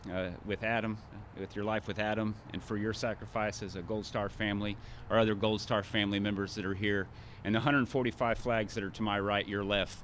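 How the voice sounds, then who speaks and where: Bright-voiced man giving a ceremony speech. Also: fairly low pitch, little pitch movement, brisk, slight background noise. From Arkansas. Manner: commanding drill calls at moments. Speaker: ceremony speaker. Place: outdoor ceremony.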